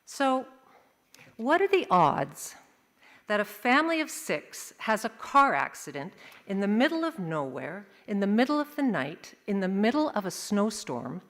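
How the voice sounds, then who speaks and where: A woman sharing a vivid personal story at a service, telling it expressively with dramatic pauses. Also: medium pitch, very animated, fairly bright tone. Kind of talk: storytelling to a congregation. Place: large worship hall. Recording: long hall reverb.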